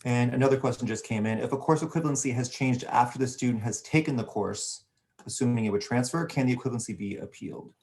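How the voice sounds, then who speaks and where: A man's voice: medium pitch, quick pace, a little mellow. Male moderator, brief and businesslike, reading audience questions.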